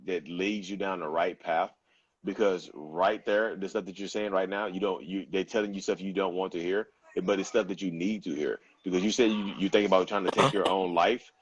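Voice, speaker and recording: Deep-voiced man hosting a livestream. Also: steady tone, fairly quick, slightly rough, muffled recording. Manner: blunt, slangy, addresses viewers as y'all. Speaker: livestream host. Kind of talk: casual livestream chat.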